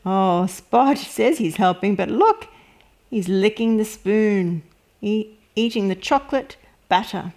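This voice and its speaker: A woman reads a picture book aloud for young children, taking her time over every line. Her delivery is gentle and expressive, at an unhurried pace and an ordinary middle pitch. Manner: slow, gentle, expressive storytelling. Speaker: children's story reader.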